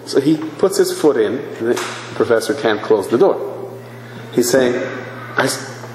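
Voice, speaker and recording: A religious teacher in his fifties gives a sermon, telling animated stories and acting out the people in them with quoted voices. His medium-pitched voice moves at normal speed. The recording is in an echoey hall with faint ambience and a noisy background.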